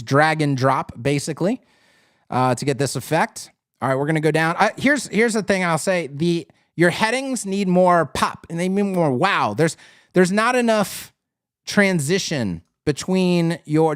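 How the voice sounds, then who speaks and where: A man's voice: on the high side, smooth, no echo, clean studio sound. A man hosting a live web design critique, talking casually and thinking aloud with fillers and restarts.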